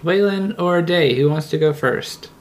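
A game master narrating a tabletop role-playing game in a calm, unhurried way. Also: medium pitch.

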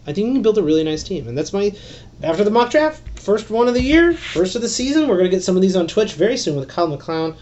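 A high-voiced man talks at a quick pace on a solo fantasy basketball podcast. He's excitable and rambling, with lots of filler words and some swearing.

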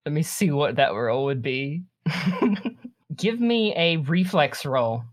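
Woman game master, lowish voice, laughs often, stumbles on repeated words. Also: animated, takes it slowly. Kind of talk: narrating a tabletop game.

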